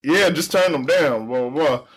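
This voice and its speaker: A man's voice: a little high, normal speed, husky. A young man casually telling a long story on a podcast, slangy, acting out what people said. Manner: animated storyteller, slangy, acts out quoted people. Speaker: podcast co-host.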